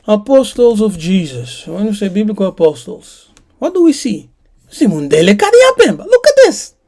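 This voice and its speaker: A woman's voice: mid-range voice, big pitch swings, normal speed, mellow. A woman preaching in an emphatic teaching style, often asking listeners questions. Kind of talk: sermon-like teaching.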